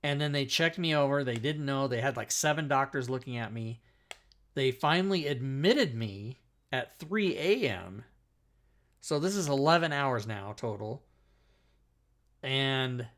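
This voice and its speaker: A man's voice: medium pitch, expressive, unhurried, fairly bright tone. A middle-aged man telling a long personal story in casual chat as a talk show host. He rambles, swears a lot and keeps cutting himself off. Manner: rambling, profane, self-interrupting.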